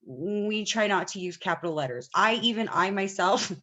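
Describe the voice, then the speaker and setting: A woman's voice: medium pitch, lively intonation, normal speed, a bit bright. A woman teaching an online class, talking casually and often checking that students follow. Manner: chatty, asks the class questions often.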